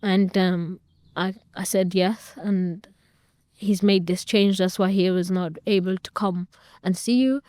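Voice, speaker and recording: A woman's voice: medium pitch, steady tone, unhurried, darkish tone, dry recording, studio quality. A young woman, a guest in an interview, earnestly recounting a personal story and retelling family conversations at length.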